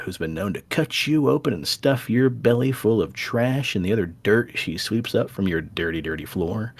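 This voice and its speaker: A man's voice: medium pitch, no room sound. This man co-hosts a podcast in an easygoing, joking way and keeps ribbing his friend. His voice moves up and down freely. The microphone sound is dry and close, with no room in it. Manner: joking, teasing, calls his co-host buddy. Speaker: podcast co-host. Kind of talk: casual podcast banter.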